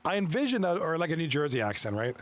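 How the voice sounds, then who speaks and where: A man giving live commentary on a video game hockey league, reacting excitably to plays and chatting with his viewers. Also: a little high. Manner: excitable, quick reactions to plays, chuckles often; chats with viewers between plays.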